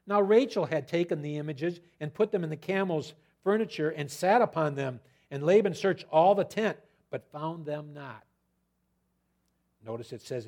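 A male preacher works through a scripture passage in a loose, conversational way. His voice sits a little high and sounds husky and breathy, and he drops animated asides between the verses. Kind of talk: expository sermon.

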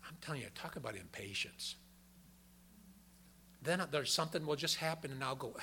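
Gravelly older man preaching folksy. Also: on the high side, sharp tone, a little hiss or hum. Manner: folksy, conversational preaching with personal stories. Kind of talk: sermon.

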